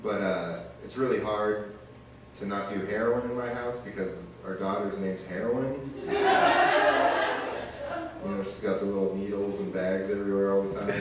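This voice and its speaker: A man's voice: lowish voice, fairly even intonation, normal speed. A young man doing a stand-up comedy set in a loose, rambling way with crude asides. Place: small arts venue stage. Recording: distant, echoey room with noise.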